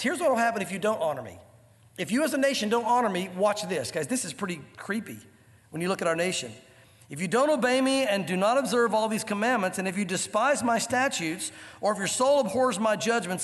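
A man preaching a sermon in a church hall, animated and joking in asides. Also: high-pitched. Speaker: pastor. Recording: long hall reverb.

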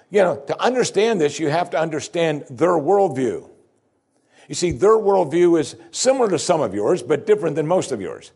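A man's voice: fairly high pitch, very animated, moderate pace, darkish tone, breathy edge. A man preaching a sermon, reading scripture aloud and explaining it with rising and falling emphasis. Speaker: pastor.

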